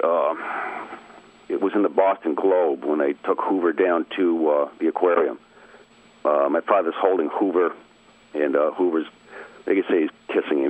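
Heard through a tinny telephone line, a low-pitched man's voice tells a family story without any echo. He is a middle-aged radio guest from Maine, easygoing and chuckling throughout, and the line is dry.

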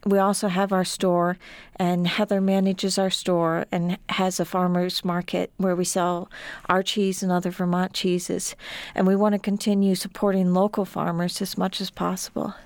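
A middle-aged woman talks earnestly as an interview guest about her farm. Her voice has a gravelly edge, and the sound is dry and close. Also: lowish voice, level tone, moderate pace, a little mellow, dry recording. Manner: earnest, repeats words when upset. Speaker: author and sheep farmer.

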